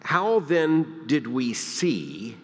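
A man's voice: big pitch swings, very slow. Preacher man in echoing church. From Deep South of the US. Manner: emphatic, swinging from loud peaks to hushed lows. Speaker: pastor. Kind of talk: sermon. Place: church sanctuary.

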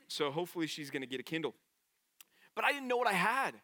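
A man preaches a sermon, earnest and conversational. His voice sits a little high and sounds bright. The recording is close and dry. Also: expressive, very fast, dry recording. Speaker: pastor.

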